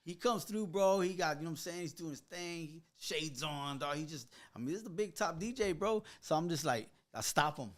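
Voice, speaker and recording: High-voiced streetwise man telling stories. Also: brisk, few pauses. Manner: animated, profane, streetwise, full of fillers like "you know what I'm saying". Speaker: podcast guest. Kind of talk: casual storytelling.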